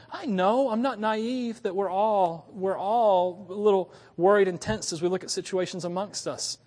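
A pastor in his thirties preaches a sermon, telling stories animatedly with frequent chuckles and laughs. His voice sits high, with a long reverb tail.

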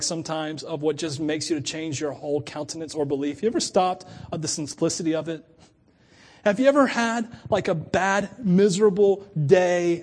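A middle-aged pastor preaches to his congregation in a chatty, animated manner, often laughing and acting out the voices of people he quotes. His pitch is fairly high.

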